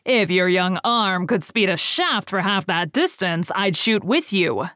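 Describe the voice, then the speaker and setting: A woman's voice: mid-range voice, expressive, unhurried, fairly bright tone, no room sound, clean studio sound. A woman doing a bullying head forester. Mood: scornful.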